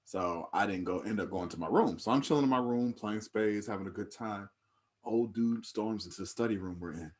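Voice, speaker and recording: Low-voiced young man telling a story. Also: fairly quick, a little mellow. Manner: laid-back, laughs when riled up. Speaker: podcast co-host telling a story. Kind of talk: casual storytelling.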